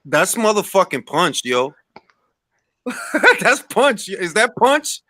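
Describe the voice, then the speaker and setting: A man's voice: sits high, very animated, unhurried, sharp tone, no echo. A man hosting a boxing livestream in casual, slangy chat and laughing often.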